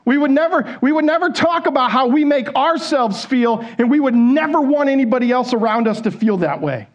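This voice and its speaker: A man with a fairly high voice preaches from a church stage, talking to the congregation as if in conversation. He keeps asking them questions and acts out quoted inner thoughts. The sound is a little dull and lo-fi. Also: expressive, a little fast. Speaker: pastor. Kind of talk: sermon.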